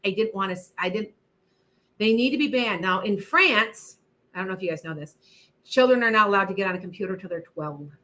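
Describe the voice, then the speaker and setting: A middle-aged woman runs a live psychic session answering viewer questions in casual stream chat. Her mid-range voice is pushed, bright, and fairly quick with lively intonation, and she speaks emphatically, repeats herself, and tosses chatty asides to viewers.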